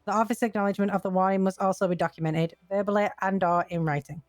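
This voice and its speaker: Brisk woman reading a policy aloud. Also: mid-range voice, no echo. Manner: brisk, steady read-aloud with small stumbles. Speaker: reader of a roleplay police policy document.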